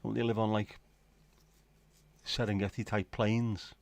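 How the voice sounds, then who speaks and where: A middle-aged man from the UK chats loosely through a late-night livestream, musing to himself and his viewers with a wry, offhand manner. His voice sits on the low side, and the sound is dry and close with little room around it. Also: flat delivery, measured pace, creaky, no echo. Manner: rambling, wry, talks to himself. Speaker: livestream host.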